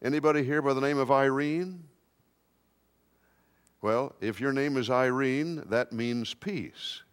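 Slow, emphatic male preacher. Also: mid-range voice, in a large hall. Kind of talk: sermon.

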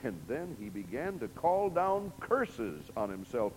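A man preaching a sermon, reading scripture with dramatic, emphatic swings from soft to loud. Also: medium pitch, sing-song, measured pace, few pauses. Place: church sanctuary. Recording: long hall reverb.

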